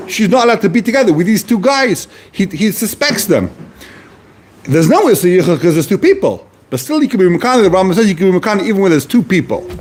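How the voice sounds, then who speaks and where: A man's voice: sits high, a little mellow, a little hiss or hum. A man teaching a text class, posing questions and answering them, repeating key phrases as he explains. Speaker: Talmud teacher. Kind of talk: lively explanatory lecture.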